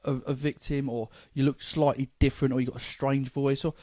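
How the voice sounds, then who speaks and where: A man's voice: medium pitch, little pitch movement, fairly quick, a little mellow, no room sound. A man with a London accent, a comedian hosting a casual podcast chat, rambling with stammering restarts. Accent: London English. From England.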